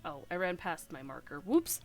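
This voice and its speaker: A woman's voice: deep voice, very animated, normal speed, soft background music. Chatty alto woman streaming a game. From outside the UK. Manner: chatty, self-correcting, giggly asides. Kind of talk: casual gameplay chat.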